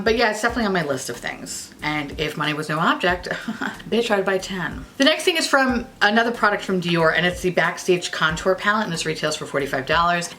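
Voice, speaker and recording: A woman's voice: lowish voice, bright, forceful tone. A young woman beauty vlogger chatting casually to camera, jokey and swearing freely.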